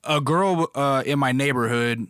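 A man's voice: mid-range voice, measured pace, a bit bright, smooth, dry recording, studio quality. A young man telling a story in a casual, blunt and profane rant, acting out other people's voices as he goes. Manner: profane, blunt, acts out voices in his stories.

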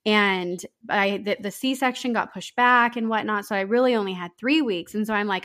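A woman of ordinary pitch speaks as a podcast guest, telling her own story openly. Her speech is halting, full of fillers and self-corrections. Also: a bit bright. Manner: open, halting, with many fillers and restarts. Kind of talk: candid personal storytelling.

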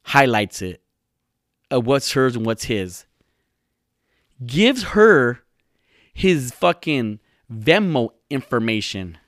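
A man's voice: mid-range voice, sing-song, slow pace, long pauses, fairly bright tone, no echo. Young male podcast host, foul-mouthed, rambling mockery, dry close sound. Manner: profane, rambling, mocking. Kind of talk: solo podcast rant.

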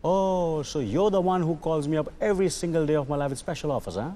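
A man's voice: a little high, quick pace, natural voice. An actor playing a condescending male game-show host in a film clip. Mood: mocking. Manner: condescending, showy. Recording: film clip with clear background noise.

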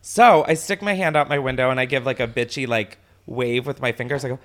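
A man casually telling a story as a podcast host, animated, swearing often and laughing as he talks. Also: mid-range voice, fairly quick, hardly any pauses.

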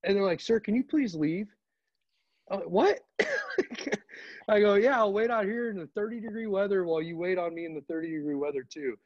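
A man's voice: sits high, steady tone, racing, few pauses, no echo. Man telling stories on a dull, lo-fi mic. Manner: laid-back storytelling, acts out exchanges. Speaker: podcast guest. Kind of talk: casual chat.

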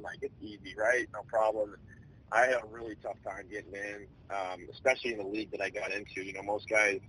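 A man in his twenties, a baseball player, telling his story in a relaxed, rambling way with many fillers. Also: fairly low pitch, slight background noise, low-quality recording. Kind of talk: casual storytelling interview.

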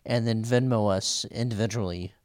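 A man's voice: lowish voice, normal speed, a little mellow, dry recording, clean studio sound. A man co-hosting a podcast, making sarcastic, joking asides in casual chat. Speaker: podcast co-host.

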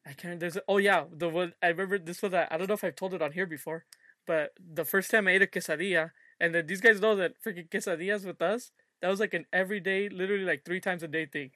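A young man co-hosting a podcast, telling childhood stories in a casual, animated way and acting out the voices he quotes. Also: sits high, fast, no room sound, studio quality. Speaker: podcast co-host. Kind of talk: casual chat.

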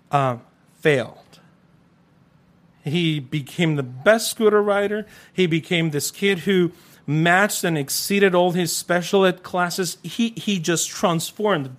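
A man giving an emotional personal testimony as an interview guest. He talks in a fervent, preacherly way, swinging between loud urging and soft intensity, and his English is accented and not quite native. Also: fairly high pitch.

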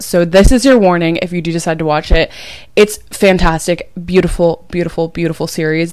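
A woman's voice: on the low side, smooth, no room sound, studio quality. Chatty young woman podcast host. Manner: chatty, emphatic, confiding. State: low and drained after crying. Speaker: podcast host and dating coach. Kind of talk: casual chat.

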